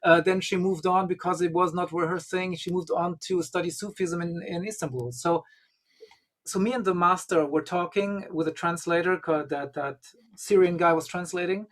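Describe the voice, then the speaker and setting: A male guest who is a Gnostic bishop speaks in a high-pitched, fairly bright voice at normal speed. In casual conversation he tells a long, rambling anecdote, leaning heavily on "you know" and "um."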